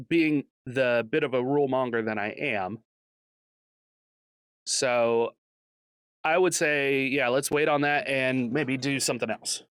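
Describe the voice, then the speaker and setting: Podcast co-host, male, slow deliberate delivery, joking and animated, dead-dry recording. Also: medium pitch, clear, resonant tone, no room sound. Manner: animated, laughs often, jokey asides. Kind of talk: casual chat.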